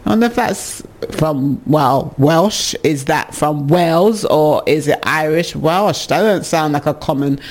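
A man's voice: fairly high pitch, measured pace. A man hosting a radio talk show, chatting casually, musing aloud and laughing often as he reads out listener comments. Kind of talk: casual chat.

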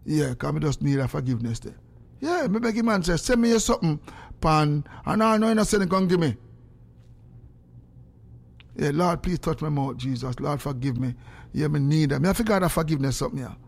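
A man's voice: fairly high pitch, moderate pace, pauses often. A man chatting animatedly on a casual livestream, greeting viewers by name. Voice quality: gravelly, animated and excitable. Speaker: social media livestreamer. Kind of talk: casual live chat.

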